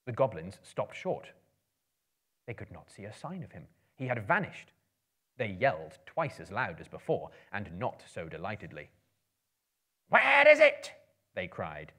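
A man's voice: fairly low pitch, big pitch swings, moderate pace, husky. A man reading a story aloud with dramatic flair. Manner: theatrical, swelling and hushing for suspense. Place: live performance venue.

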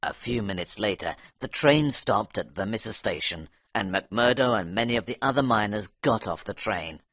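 Expressive male audiobook narrator. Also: lowish voice, moderate pace, no echo, clean studio sound.

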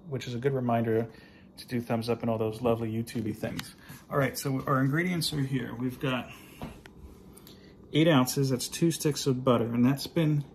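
A man hosts a casual home cooking vlog from his kitchen, filming by hand on a phone camera and joking at his own expense. His medium-pitched voice is gravelly and darkish, with slight background noise, and he's chatty, full of asides.

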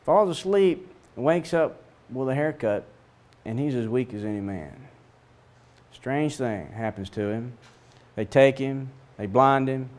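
A middle-aged man teaching a Bible lesson in a lively storytelling way, acting out the voices of the people in the story. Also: unhurried, pauses often. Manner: storytelling, acts out voices with big pitch swings.

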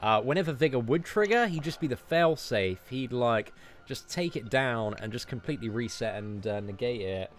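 A British man hosting his game livestream, chatting casually in a relaxed, slangy way. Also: mid-range voice, normal speed. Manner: relaxed, matey slang, rambling game talk. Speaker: gaming channel host.

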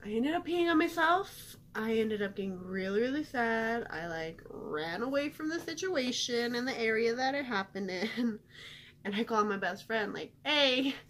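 A woman's voice: on the high side, expressive, normal speed. Young woman rambling through a storytime vlog, lots of likes and ums, faint hiss behind. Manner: chatty, filler-heavy, self-deprecating. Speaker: vlogger. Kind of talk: casual storytime chat.

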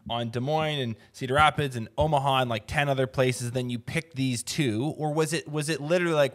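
A man's voice: mid-range voice, brisk, few pauses, fairly bright tone. A man hosting a business podcast, asking long, wandering questions with curiosity. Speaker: podcast host. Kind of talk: podcast interview.

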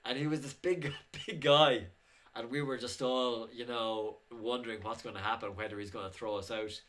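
Bright-voiced man telling rambling anecdotes. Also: medium pitch, steady tone, normal speed. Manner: rambling anecdotes with frequent chuckles and fillers. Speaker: indie filmmaker. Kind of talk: casual vlog chat.

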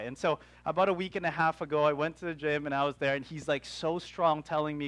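High-voiced pastor telling a story. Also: male voice, no room sound. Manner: animated storytelling with quick asides. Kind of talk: sermon. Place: church.

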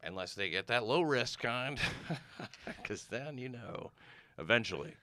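An American comedian guest rambles through stories in a casual chat, full of fillers and restarts, often trailing off. His medium-pitched voice is animated, pushed and bright, a little slow, with slight background noise.

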